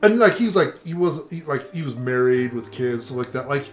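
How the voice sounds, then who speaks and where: A man's voice: medium pitch, brisk. An older man co-hosting a casual conversation, telling stories and acting out the voices of the people he quotes. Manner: animated storyteller, acts out quoted voices. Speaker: co-host.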